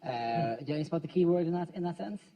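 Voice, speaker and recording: Quick-talking male comedy show host. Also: a little high, expressive, warm tone, distant mic. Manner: quick, joking, conversational. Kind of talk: comedy panel show hosting.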